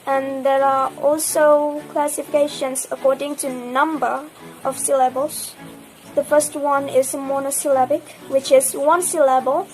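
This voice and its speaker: A woman's voice: high-pitched, level tone, a little slow, darkish tone, soft background music, rough recording. A young woman from Indonesia with an Indonesian accent, reading a class presentation carefully and restarting words mid-phrase. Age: young adult. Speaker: student presenter.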